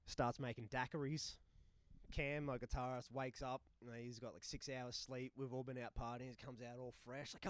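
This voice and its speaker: Guy in his twenties, mid-pitched voice, dry close sound, swears and shouts punchlines while he tells the story. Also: little pitch movement, moderate pace, dry recording. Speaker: touring musician guest. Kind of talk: animated storytelling. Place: live recording in a bar.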